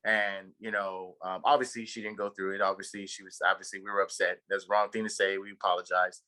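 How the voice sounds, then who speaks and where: A man's voice: low voice, level tone, quick pace, pushed and bright, poor audio. A man from Texas co-hosting a podcast, telling a long story in a rambling way, full of fillers and swearing. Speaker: podcast co-host. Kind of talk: casual chat.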